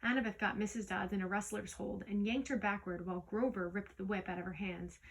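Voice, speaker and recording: A woman reading a storybook aloud in the first person, lively, with small slips that she corrects as she goes. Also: mid-range voice, brisk, vocal fry, low-quality recording. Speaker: audiobook reader. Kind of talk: storybook read-aloud narration.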